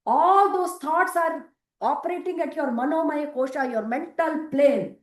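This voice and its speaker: A woman leads a spiritual self-empowerment workshop in an emphatic, repetitive way, often putting questions to her listeners. Her voice sits high. She is picked up from some distance in an echoey indoor hall. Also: measured pace. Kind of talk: spiritual workshop talk to a live group. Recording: echoey room, mic far off.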